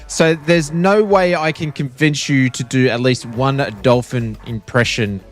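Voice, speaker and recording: A man's voice: medium pitch, fairly even intonation, unhurried, soft background music. An Australian man chatting casually and joking while he streams a flight simulator. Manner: joking, playfully pleading. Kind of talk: casual live-stream chat.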